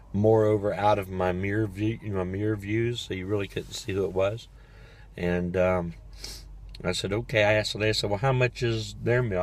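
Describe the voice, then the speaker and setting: A man's voice: lowish voice, a little hiss or hum. Older man rambling a story from his car. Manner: rambling, chatty, laughs while telling. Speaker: vlogger. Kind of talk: casual storytelling vlog. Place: parked car in a parking lot.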